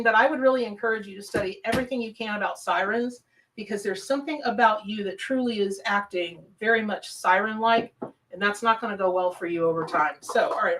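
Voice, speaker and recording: A Southern-accented woman talks loosely and warmly to her live-stream audience and breaks off to answer viewer comments. She sits some distance from the microphone, so her voice sounds a little far away. Her pitch stays in the middle range for a woman. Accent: Southern American. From American South. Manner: chatty, reacts to viewer comments. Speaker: tarot reader hosting a live stream. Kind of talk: live-stream chat and reading.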